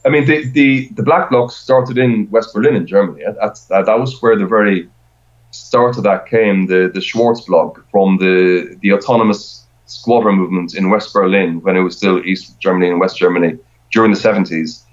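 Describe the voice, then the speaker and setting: Deep-voiced middle-aged man, lo-fi. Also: normal speed. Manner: rambling, with frequent repeated words and restarts. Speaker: podcast guest. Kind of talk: casual conversation. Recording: dull lo-fi sound.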